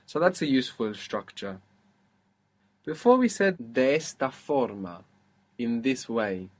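Patient male language teacher. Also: medium pitch. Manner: patient, encouraging, explains step by step. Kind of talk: spoken language lesson.

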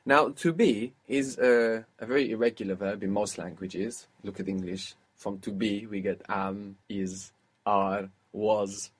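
Patient husky male language teacher. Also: on the low side, steady tone, unhurried. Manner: patient, explains step by step and quizzes the learner. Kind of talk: audio language lesson.

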